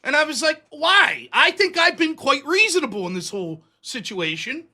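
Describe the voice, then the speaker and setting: A man's voice: very high-pitched, big pitch swings, normal speed, pushed and bright. A man hosting a livestream show, telling a story casually, acting out both sides of the dialogue in a profane, self-mocking way.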